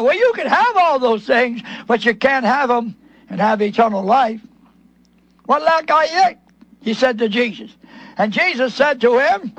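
Very high-voiced emphatic male preacher. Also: expressive, a little slow, fairly bright tone, dry recording, rough recording. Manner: emphatic preaching, repeating phrases and acting out quoted questions. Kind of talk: sermon.

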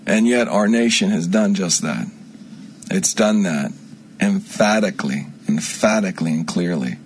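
A man speaking as a self-styled prophet in an unscripted radio monologue, rambling, with frequent restarts and sudden swings from loud to quiet. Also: deep voice, a little slow, a little hiss or hum.

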